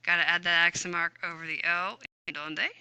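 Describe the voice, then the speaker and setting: A woman's voice: lowish voice, flat delivery, moderate pace, pushed and bright, clean tone, dry recording. A woman teaching a recorded grammar lesson, upbeat and chatty, muttering to herself as she types on screen. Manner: upbeat, chatty, talks to herself while typing. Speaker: Spanish teacher.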